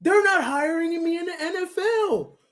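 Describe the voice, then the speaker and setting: A man's voice: very high voice, lively intonation, normal speed, fairly bright tone, pitched above the performer's own voice. A man putting on a whimpering crybaby. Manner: whiny, tearful. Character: whimpering self-pitying adult complaining of mistreatment.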